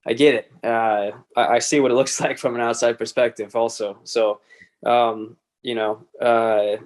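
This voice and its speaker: Hesitant low-key man from Texas. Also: flat delivery, moderate pace. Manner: hesitant, lots of fillers and restarts, low-key. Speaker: motorcycle racer, guest. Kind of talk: casual podcast interview.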